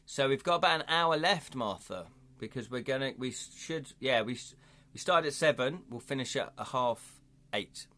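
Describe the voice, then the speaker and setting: A man's voice: mid-range voice, lively intonation, moderate pace, pushed and bright. A man hosting a live stream, reading a gamebook aloud and chatting with viewers, laughing often. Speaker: livestream host reading a gamebook.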